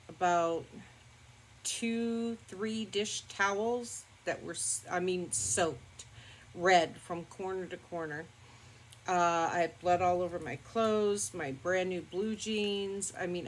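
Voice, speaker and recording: An older woman vlogger telling a personal story in a calm, rambling, matter-of-fact way with many fillers. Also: lowish voice, slight background noise, low-quality recording. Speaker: beauty vlogger. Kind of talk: casual storytelling to camera.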